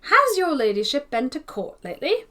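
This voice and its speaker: A woman's voice: high-pitched, sing-song, moderate pace, pushed and bright, voice pushed up, full character voice. A woman voicing a bold, gossipy genteel spinster who speaks primly. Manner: bold, prim, slightly triumphant.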